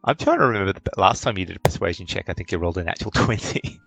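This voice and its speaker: A man's voice: sits low, lively intonation, very fast, creaky, fairly bright tone, husky, faint music behind, poor audio. A man narrating as game master of a tabletop role-playing game, hesitant and full of fillers.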